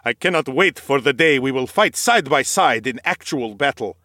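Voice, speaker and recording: A man's voice: mid-range voice, expressive, moderate pace, bright, forceful tone, no echo, clean studio sound. A man voicing a cheerful male noble warrior who loves battle, speaking in a formal, eager, courtly way in an audiobook. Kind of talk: audiobook character voice.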